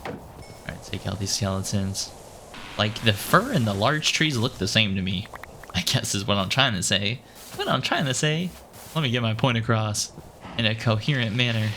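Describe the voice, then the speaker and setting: A man casually commenting on his own gameplay, chatty and playful, thinking out loud and jumping up in pitch when excited. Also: a little hiss or hum. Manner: chatty and playful, calls himself "your boy". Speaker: gaming channel host.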